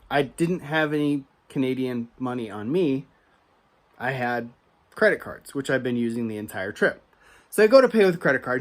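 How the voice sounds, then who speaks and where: Animated man ranting a story. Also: a little high. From United States. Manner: animated, grows heated and emphatic; conversational, frequent asides and restarts. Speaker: card collecting channel host. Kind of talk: storytelling rant.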